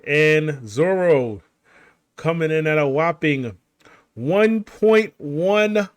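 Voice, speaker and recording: A man's voice: on the high side, expressive, drawn-out words, no echo. A man casually recapping a manga chapter over game footage, rambling with lots of fillers, restarts and little chuckles. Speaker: gaming channel host recapping a manga chapter.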